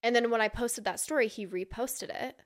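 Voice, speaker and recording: Podcast guest: a woman from Utah with a slightly high voice, telling gossip in casual chat and playing out every quoted line. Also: moderate pace.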